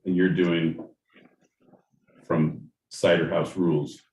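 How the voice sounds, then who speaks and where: Deep-voiced dude rambling and cussing on a podcast, sounds kinda far from the mic. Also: male voice, little pitch movement, slow, darkish tone, reverberant, slight background noise. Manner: rambling, swears freely, lots of fillers like "like" and "man". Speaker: podcast co-host. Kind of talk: casual chat.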